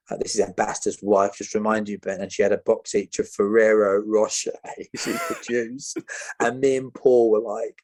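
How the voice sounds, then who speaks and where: A man, a podcast guest telling a story with lively energy, who acts out the voices of other people and often laughs. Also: fairly low pitch, normal speed.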